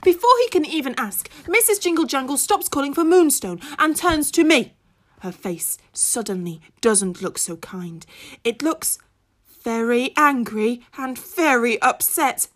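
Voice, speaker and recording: Woman, storybook narrator, first-person, childlike grammar, expressive, very high voice. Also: measured pace. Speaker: audiobook narrator.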